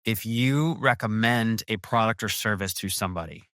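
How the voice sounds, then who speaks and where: A man's voice: lowish voice, normal speed, pushed and bright, dry recording, studio quality. A man hosting a podcast interview, talking in an enthusiastic, effusive way with lots of restarts. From USA. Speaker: podcast host. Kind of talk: casual interview chat.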